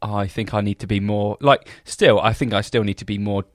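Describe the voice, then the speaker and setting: A man's voice: on the low side, fairly even intonation, brisk, no room sound, studio quality. A young man co-hosting a podcast, chatting casually in a rambling, hesitant, self-deprecating way. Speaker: podcast co-host, business owner. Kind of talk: casual chat.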